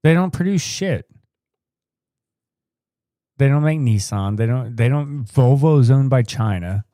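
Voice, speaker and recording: A man's voice: mid-range voice, animated, measured pace, dark tone, no echo, studio quality. An American man co-hosting a live podcast, rambling through opinions with casual swearing. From United States. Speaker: podcast co-host.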